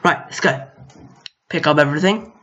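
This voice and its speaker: A young man who hosts gaming videos speaks a little high and sharp at a moderate pace. He casually comments on his gameplay and chats to on-screen enemies in mild exasperation, using a lo-fi home mic.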